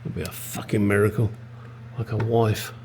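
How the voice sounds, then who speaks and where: A man's voice: on the low side, level tone, normal speed, vocal fry, noisy background. A middle-aged English man restoring a classic car in his home garage, talking bluntly to the camera and swearing freely. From England. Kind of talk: casual workshop vlog.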